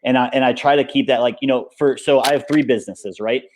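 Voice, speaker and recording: A man being interviewed in a relaxed chat, talking in an upbeat, rambling way, full of fillers. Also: mid-range voice, quick pace, a little hiss or hum. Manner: rambling and upbeat, many fillers like "like" and "you know". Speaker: interview guest, paintball coach and business owner.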